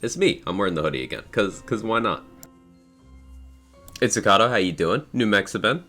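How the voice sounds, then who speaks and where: Deep-voiced groggy streamer, casual chat. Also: male voice, expressive, a little fast, sharp tone, soft background music. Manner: reads out viewer names and thanks them, laid-back and chatty. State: groggy morning voice, tired. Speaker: live streamer. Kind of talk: casual live-stream chat while gaming.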